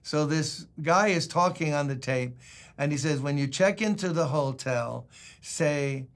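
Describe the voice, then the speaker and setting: A man's voice: fairly high pitch, measured pace. An older man, a pastor, giving a conversational devotional sermon, telling folksy stories and reading scripture aloud.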